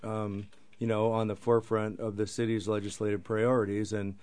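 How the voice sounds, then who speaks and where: A man as a guest calmly explaining how city funding requests work, in a measured, procedural way. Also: fairly low pitch. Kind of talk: explanatory chat.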